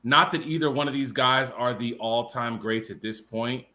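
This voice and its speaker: A man co-hosting a boxing live stream offers thoughtful analysis in long, qualified runs full of fillers. He speaks at a moderate pace with a medium pitch and a pushed, bright tone.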